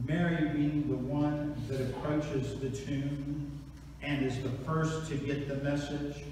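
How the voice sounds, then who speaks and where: A man preaching an Easter sermon, dropping to hushed tones and then rising to excited shouts. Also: on the high side, slight background noise. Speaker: pastor. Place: large church sanctuary. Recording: echoey church hall from far off.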